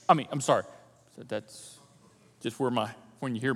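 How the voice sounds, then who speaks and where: A male pastor with a high voice that swoops widely preaches in an animated, conversational way. His voice carries through a large hall with a long echo. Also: moderate pace. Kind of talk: sermon. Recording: long church hall reverb.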